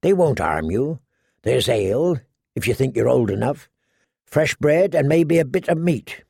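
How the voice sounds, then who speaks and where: A wry, easygoing outlaw minstrel who coaxes and drawls, voiced by a male reader. His tone is gravelly and unhurried, recorded close in a dry room. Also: mid-range voice, very animated, dark tone, no echo, full character voice. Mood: coaxing.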